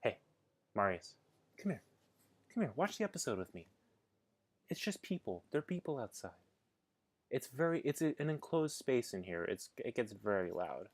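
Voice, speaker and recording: A man with a very low voice gives casual reaction commentary. He is chatty and easily amused, and he breaks off to coo at his dog. The sound is dry and close, with no room around it. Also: sing-song, normal speed, pauses often, no echo. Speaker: reaction video host.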